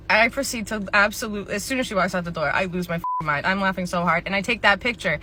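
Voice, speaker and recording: A young adult woman telling animated comedic stories from a past retail job, often laughing and swearing. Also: mid-range voice, fast, few pauses. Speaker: comedy creator. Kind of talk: storytime comedy vlog.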